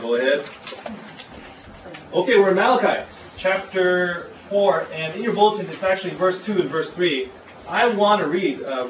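A man's voice: medium pitch, noisy background. A man who pastors a church, giving a conversational sermon with frequent filler words. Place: church hall. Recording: echoey hall, far from the mic, dull.

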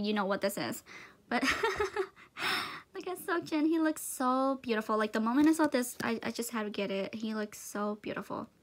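A woman vlogger gushing through an unboxing, full of breathless exclamations and dipping into soft whispers. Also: on the high side. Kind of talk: excited unboxing chat.

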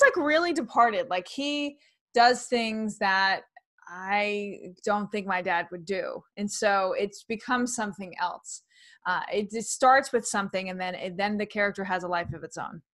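A comedian woman from New York, her old accent mostly trained away, talks about her work in a relaxed interview. She speaks in an animated, chatty way, laughs easily and often starts her sentences over. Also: medium pitch. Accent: slight New York, mostly trained out. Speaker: comedian and actress guest. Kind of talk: casual interview conversation.

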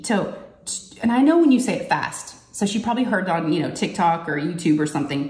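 A middle-aged crafting vlogger chats casually with viewers while diamond painting in her home craft room, where the recording is echoey with faint noise. Expressive and a little mellow at a moderate pace, she tells stories and voices what others said in a higher pitch.

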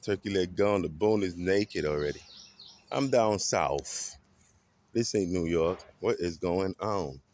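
A man with a very low voice recounts a story straight to the camera. He talks casually and dramatically, acting out the quotes and leaning into every twist. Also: takes it slowly. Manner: animated, dramatic retelling with acted quotes. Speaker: vlogger.

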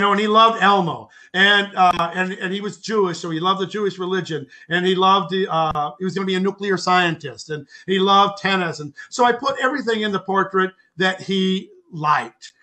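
An older man with a high voice tells a long personal story as a podcast guest. His tone is bright and forceful. He rambles, repeats words and acts out what people said. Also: moderate pace. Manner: acts out quoted speech with lively voices. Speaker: podcast guest, author and artist.

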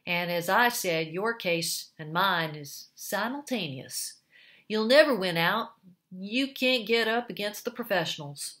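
A woman's voice: mid-range voice, lively intonation, a little slow, a bit bright. A woman voicing a pessimistic male ex-boxer turned tramp, talking blunt street slang. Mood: gloomy.

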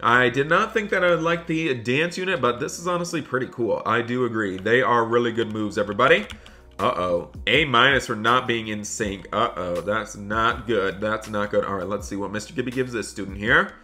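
Bright, excitable male gamer. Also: medium pitch, fairly quick. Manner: excitable, narrating to viewers. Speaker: gaming channel host. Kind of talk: Roblox role-play commentary.

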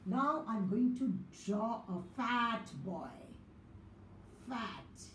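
Lady teaching little kids their letters, real slow and high, echoey room, bit of background hum. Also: expressive, a bit bright. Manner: sing-song, drawn-out spelling of letters. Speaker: kindergarten teacher. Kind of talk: slow classroom phonics lesson. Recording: echoey room with faint ambience.

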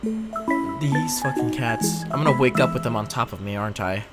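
A man's voice: medium pitch, normal speed, loud music behind the voice. A young man giving let's play commentary, sarcastic, exasperated and full of swearing. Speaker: gameplay commentator.

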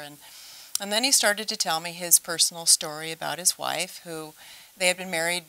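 A woman's voice: lowish voice, normal speed, bright, forceful tone, rough recording. A woman from a senior services organization, telling an earnest story as a guest in a TV interview. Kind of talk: TV interview talk.

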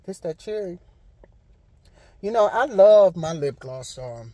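A woman's voice: lowish voice, expressive, slow pace, warm tone, dry recording, poor audio. Sassy, emphatic woman vlogging from a car. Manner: sassy, emphatic, repeats herself for effect. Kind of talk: casual storytime vlog. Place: parked car outside a hospital. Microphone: handheld phone camera.

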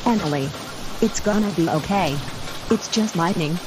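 A woman voicing a patient, gentle mother in a homemade cartoon. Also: fairly low pitch, moderate pace, close to an everyday voice. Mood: soothing. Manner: gentle, soothing. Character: patient, reassuring mother of a schoolgirl. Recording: rain noise in the background. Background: rain.

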